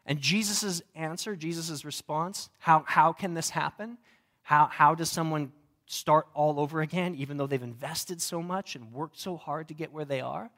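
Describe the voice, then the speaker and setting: Higher-voiced young male pastor, conversational. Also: normal speed, a bit bright. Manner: conversational and humorous, varied delivery. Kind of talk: sermon.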